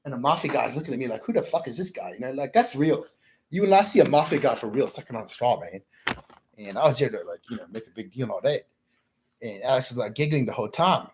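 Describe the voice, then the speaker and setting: Expressive and quick, this mid-range male voice comes with slight background noise. He's a livestream host telling viewers a long, rambling, profane story, closing sentences with "man" and insisting every word is real.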